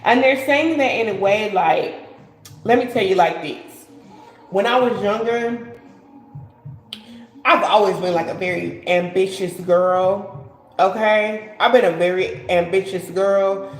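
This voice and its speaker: A woman's voice: medium pitch, slow, long pauses, roomy sound, soft background music, rough recording. A woman giving a casual live-stream tarot reading, rambling and repeating herself, often saying "like". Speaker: tarot card reader.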